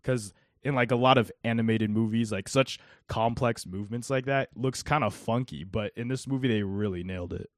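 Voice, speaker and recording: A man's voice: medium pitch, normal speed, few pauses, no echo, studio quality. A young man co-hosting a podcast, talking earnestly in casual chat with many fillers. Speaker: podcast co-host.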